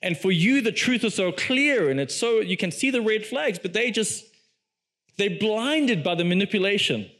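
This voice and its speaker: A male preacher with a high voice tells a story in an animated sermon. He acts out quoted lines with big jumps in pitch and laughs often as he goes along. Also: moderate pace. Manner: laughs often while speaking.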